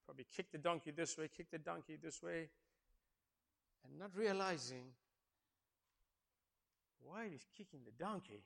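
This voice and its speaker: A male preacher retelling a story in a sermon, acting out the characters and asking the congregation questions, swinging from hushed tones to loud exclamations. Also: fairly high pitch, normal speed, vocal fry, long pauses. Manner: dramatic, swings from hushed to shouting, acts out characters.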